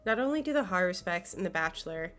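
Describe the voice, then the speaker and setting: Faint music plays behind a young woman hosting a scripted video essay in a lowish, animated, fairly bright voice at a fast pace. Illness leaves her nasal and congested, though she remains earnest and enthusiastic, with occasional fillers.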